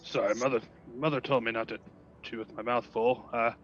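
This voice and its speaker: A man voicing an awkward, halting male ship captain who shows clumsy concern, on a lo-fi recording. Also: medium pitch, steady tone, a bit bright, faint music behind, lightly acted. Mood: awkwardly concerned. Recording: lo-fi with faint noise.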